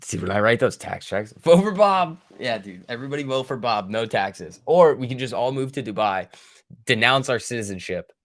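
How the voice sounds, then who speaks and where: A man's voice: on the low side, a little fast, a bit bright, no echo, studio quality. A man hosting a live day-trading stream, giving casual, profane, joking commentary and bantering with his chat. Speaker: day trading livestream host.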